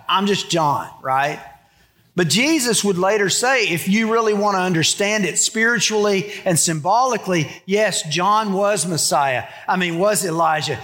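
A man's voice: high voice, a bit bright. A middle-aged man, a pastor preaching a sermon in a conversational way and acting out the quotes.

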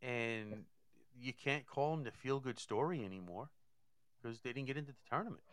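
A man's voice: medium pitch, lively intonation, brisk, fairly bright tone, clean tone, no room sound. A man giving casual hockey analysis, thinking aloud and often repeating words as he goes. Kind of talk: casual sports talk.

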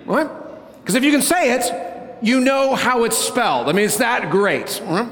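Male pastor, sermon, playful conversational delivery, high voice, echoing church hall. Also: lively intonation, moderate pace, fairly bright tone. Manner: playful, conversational, often asks "right?".

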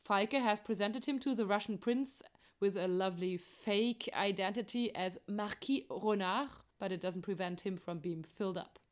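A woman walking through the plot of an operetta in a light, chatty tone, tossing in jokes along the way. Her voice sits in an ordinary middle range. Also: mid-range voice. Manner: chatty, joking asides. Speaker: opera plot explainer. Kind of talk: playful plot summary narration.

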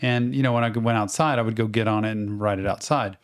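Animated middle-aged male podcast host. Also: on the low side, fast, clean tone. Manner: animated anecdotes with acted-out quotes. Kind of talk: casual storytelling chat.

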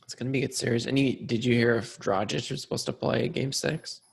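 Easygoing man with a gravelly, husky voice. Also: medium pitch, steady tone, quick pace. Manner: easygoing, chatty, trails off mid-thought. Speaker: podcast co-host. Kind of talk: casual sports podcast chat.

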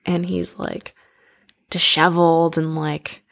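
A young woman with a gravelly, somewhat low voice tells a story in an easy, chatty way. She leans on "like" and "um" as she goes, unhurried and informal. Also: flat delivery, fairly bright tone. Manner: loose, filler-heavy retelling with lots of "like". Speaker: storyteller retelling an opera plot. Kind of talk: casual chat.

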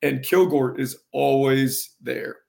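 A man, a high school soccer coach in a casual interview, with a gravelly, carrying voice and an earnest, halting way of repeating words. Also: fairly even intonation, a little mellow.

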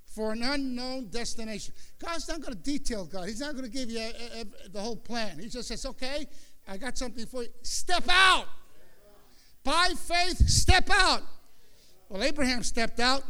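A male pastor preaching a sermon in an emphatic style, sometimes rising into shouts. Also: very high-pitched, clear, resonant tone.

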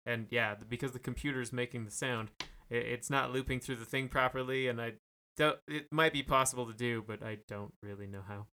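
Guy co-hosting a casual podcast, rambling with lots of fillers, bright voice. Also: mid-range voice, steady tone, fairly quick. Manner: rambling, hesitant, many fillers and restarts. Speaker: podcast co-host. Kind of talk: casual chat.

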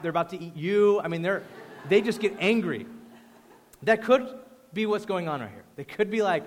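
In this sermon, a male pastor speaks at a moderate pace with a somewhat high voice, telling stories in a lively, chatty style that drops abruptly into quiet emphasis. The recording has the lingering echo of a large hall.

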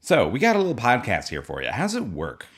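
A man's voice: fairly low pitch, a little fast, a crowd in the background. A young man co-hosting a comedy podcast, joking in casual chat. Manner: joking, lively, slips into mock-ad voices. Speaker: podcast co-host.

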